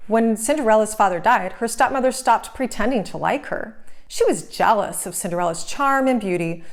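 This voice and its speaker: Lady reading a kids' storybook aloud, gentle and clear. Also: mid-range voice. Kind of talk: children's read-aloud narration.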